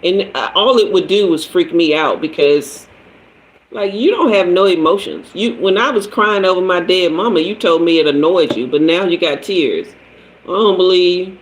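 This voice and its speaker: A man's voice: high voice, animated, moderate pace, poor audio. A man hosting a livestream, telling a personal story and answering viewers by name. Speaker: livestream host, tarot reader.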